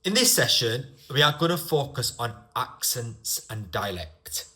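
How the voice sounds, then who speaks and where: A man with a northern English accent, giving an online English lesson with slow, deliberate explanations. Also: mid-range voice, very animated, sharp tone. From northern England. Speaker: English teacher.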